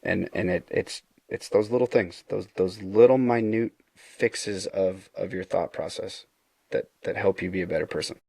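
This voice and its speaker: A deep, gravelly man's voice tells a story from his own life, earnest and unpolished, with frequent restarts. His tone is husky. The sound is dry and close. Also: normal speed, dark tone, no echo. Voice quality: low gravelly voice. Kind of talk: casual storytelling.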